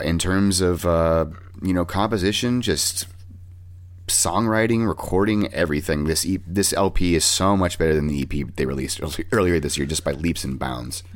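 A man with a very deep voice hosts a casual music podcast. He swears freely as he talks through bands and records. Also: normal speed. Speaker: podcast host.

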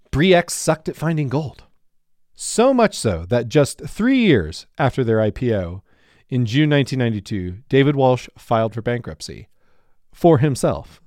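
A man on a podcast who talks with a lively, swinging pitch and a joking tone. The recording is dry and close. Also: dry recording. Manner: animated, jokey. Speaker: podcast co-host. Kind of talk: casual podcast chat.

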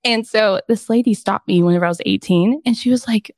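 A woman's voice: mid-range voice, fast talker, a little mellow, no echo, studio quality. A young woman guest chatting casually in an interview, telling stories in a bubbly way and laughing often. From southern United States. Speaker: guest, coaching company executive.

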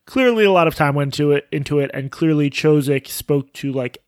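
Male podcast co-host, slightly high voice, deadpan sarcasm, dry close sound. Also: brisk, dry recording. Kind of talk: casual podcast banter.

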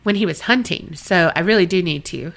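A woman's voice: lowish voice, fairly quick, creaky. A woman with a Southern American accent co-hosting a podcast, chatting casually, swearing and laughing often, and reading out listener stories. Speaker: podcast co-host.

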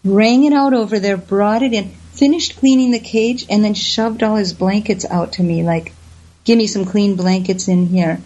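A woman in an interview tells her stories with animation and acts out the people she quotes. Her voice sits at a middle pitch for a woman. The recording is a little dull and lo-fi. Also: moderate pace, mellow. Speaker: guest. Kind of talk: storytelling in an interview. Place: lives in the Southwest US. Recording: slightly dull lo-fi audio.

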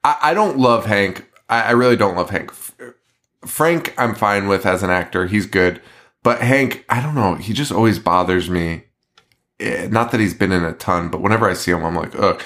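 A man's voice: lowish voice, moderate pace, fairly bright tone. A man co-hosting a horror podcast in casual chat, ranting with lots of swearing and laughter. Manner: profane, ranting, laughing often. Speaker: podcast co-host.

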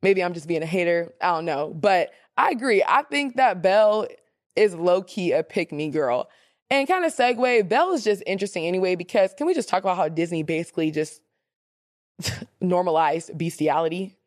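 A woman hosting a casual advice podcast, animated and sassy, reading listener questions and acting out the voices she quotes. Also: on the low side, moderate pace, no echo, clean studio sound.

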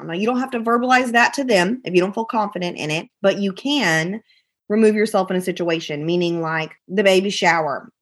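A woman podcast guest giving candid, emphatic advice and acting out what her friends said. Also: medium pitch. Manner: emphatic, repeats phrases, acts out friends' voices.

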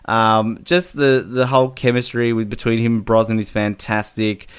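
A man co-hosting a podcast, talking about a film in a loose, casual way. He gets animated as he retells scenes and laughs often along the way. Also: mid-range voice, moderate pace, clean tone. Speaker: podcast co-host. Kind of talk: casual movie review chat.

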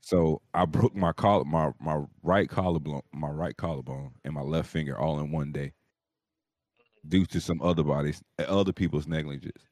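Male, very low voice, dry close sound, profane animated storyteller, casual. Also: normal speed, dry recording. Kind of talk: casual storytelling on a live show.

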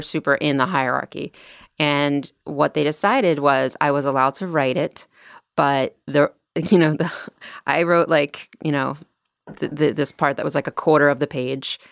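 A woman guest on a podcast, chatting casually and telling animated stories, acting out the voices of people she quotes. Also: sits low, normal speed, gravelly, smooth, no echo, clean studio sound. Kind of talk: casual chat.

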